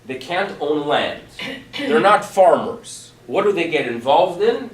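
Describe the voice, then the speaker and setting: Man, rabbi lecturing, rhetorical questions, lively swooping voice, distant echoey room. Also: a little high, measured pace. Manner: animated, asks rhetorical questions. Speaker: rabbi teaching a class. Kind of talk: lecture to a congregation.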